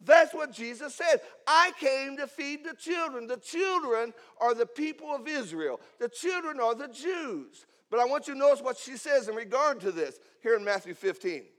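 A man preaching a sermon, swinging between loud emphatic lines and hushed asides. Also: extremely high pitch, animated, normal speed, hardly any pauses. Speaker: pastor.

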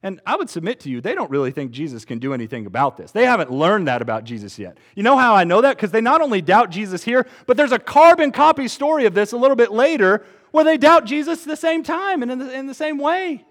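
A man in his twenties preaching a sermon, earnest and expressive, rising to emphatic peaks. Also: very high voice, quick pace, hardly any pauses. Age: 20s.

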